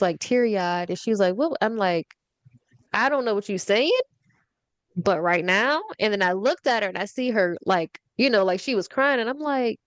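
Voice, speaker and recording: Brief: young woman, podcast host, animated storyteller who acts out quoted lines, close dry sound. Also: mid-range voice, smooth, no echo. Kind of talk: casual storytelling chat.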